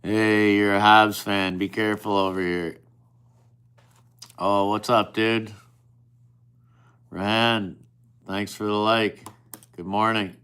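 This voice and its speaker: A man's voice: lowish voice, little pitch movement, slow pace, long pauses, fairly bright tone, clean tone. A man chatting casually with viewers on a live stream, teasing and swearing at them in an offhand way.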